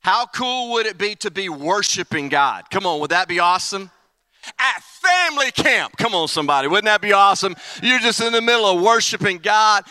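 A man preaching an energetic, playful sermon at a camp meeting, swinging from excited calls to the crowd to hushed, earnest reflection. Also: high voice, moderate pace, clear, resonant tone, no echo.

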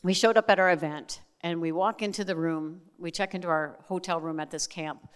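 A woman's voice: lowish voice, fairly even intonation, brisk, clean tone, long reverb tail. A middle-aged woman giving a testimony sermon as a Christian speaker, talking candidly with chatty asides. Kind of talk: testimony sermon to a live audience.

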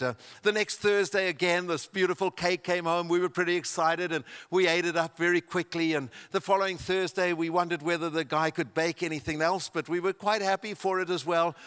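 A man preaching at a camp meeting, telling a personal story with a few halting restarts. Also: a little high, a bit bright, smooth. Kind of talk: sermon storytelling. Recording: reverberant hall.

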